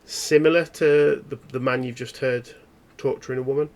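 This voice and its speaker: A man narrating a tabletop horror game as game master, in halting, descriptive storytelling. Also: mid-range voice, fairly even intonation, darkish tone.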